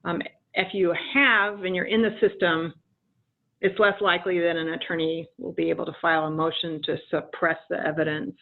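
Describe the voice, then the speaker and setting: A woman's voice: on the low side, little pitch movement. Woman explaining over a tinny phone line. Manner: measured, explanatory with frequent ums. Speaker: immigration attorney presenter. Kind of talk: webinar presentation.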